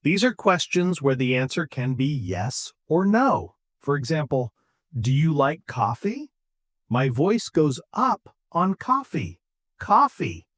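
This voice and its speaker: Guy teaching english intonation, talks slow, voice swings up and down a lot, dry close sound. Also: on the high side, big pitch swings, fairly bright tone, no echo. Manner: slow, clear, demonstrates intonation by example. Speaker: English teacher, podcast co-host. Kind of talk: scripted English lesson.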